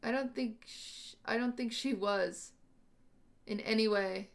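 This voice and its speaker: A woman's voice: fairly high pitch, slow, creaky. A woman hosting a livestream, thinking aloud to her chat in a casual, questioning and unsure way. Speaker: livestream host.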